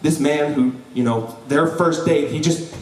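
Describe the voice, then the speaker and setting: A young man telling a personal story live before an audience, lively and joking, with frequent "right?" asides to the crowd. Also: on the high side, unhurried, background noise. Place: event hall before an audience. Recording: roomy hall, voice from a distance.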